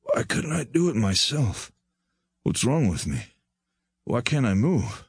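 A man voicing a confused male hospital patient with a parched, croaking throat. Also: mid-range voice, big pitch swings, takes it slowly, dry recording, studio quality, voice pushed up, heavily acted. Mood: anxious, strained.

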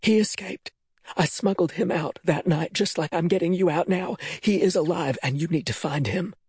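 A male narrator voicing a desperate, loving mother in an audiobook, urgent and pleading, often in a hushed voice. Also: high-pitched, moderate pace, breathy edge, no room sound, studio quality, pitched above the performer's own voice. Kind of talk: audiobook character voice.

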